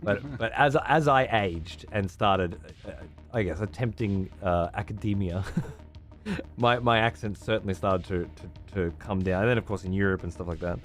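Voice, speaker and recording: A man's voice: fairly low pitch, normal speed, a bit bright, faint music behind. A man with an Australian accent, hosting a stream in casual, profane chat and laughing often. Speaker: streamer host.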